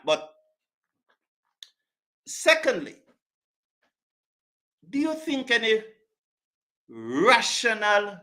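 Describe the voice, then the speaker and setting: On a cricket live stream, a man with a high, bright and forceful voice takes on comments from the chat. He's passionate and emphatic, circling back to the same points repeatedly.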